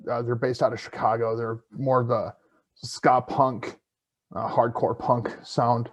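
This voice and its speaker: A man's voice: medium pitch, level tone, unhurried. A man from South Dakota co-hosting a podcast, talking casually with many "uh"s and restarts and some easy swearing. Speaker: podcast co-host. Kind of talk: casual live-stream chat.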